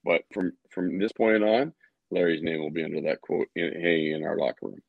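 Deep gravelly coach guy, sounds like hes on the phone. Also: steady tone, brisk, no echo. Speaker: head coach. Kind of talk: podcast discussion. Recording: phone-like thin line.

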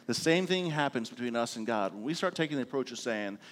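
Pastor with conversational check-ins. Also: male voice, mid-range voice, animated, fast talker, few pauses. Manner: conversational, self-deprecating storytelling with frequent "all right?" check-ins. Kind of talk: sermon.

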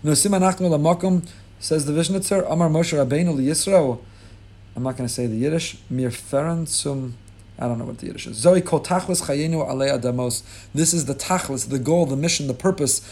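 A man, a rabbi giving an impassioned sermon on the Torah portion, weaving Hebrew terms into English and rising high when he acts out pleas. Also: a little mellow.

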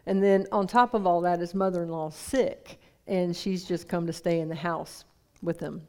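A woman's voice: on the low side, fairly even intonation, normal speed, darkish tone. A woman preaching a sermon in a conversational way, putting questions to the congregation.

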